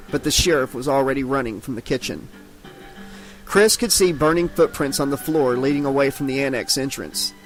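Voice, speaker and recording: A man's voice: mid-range voice, low-quality recording. A man narrating an unabridged horror audiobook dramatically, giving each character its own voice.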